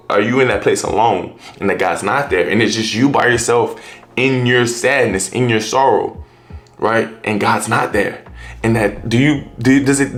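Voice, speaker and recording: This preacher talks in a relaxed, conversational style, his voice medium in pitch with a touch of brightness. Sentences get restarted and reworded constantly, peppered with "you know" and "right?" and plain street-level phrasing.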